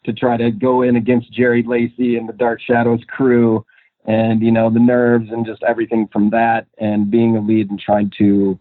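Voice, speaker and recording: A young actor from Minnesota chats as a guest in a casual interview, rambling with lots of fillers and laughs. His medium-pitched voice has a completely flat delivery at normal speed. The recording sounds tinny and phone-like, dry with no echo.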